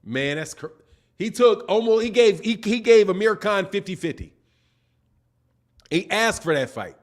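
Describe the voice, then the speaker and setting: A man's voice: high voice, unhurried. A man hosting a boxing live stream, reading viewer chats and arguing his point with a string of rhetorical questions. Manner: animated, argumentative, asks repeated rhetorical questions. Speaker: boxing channel host.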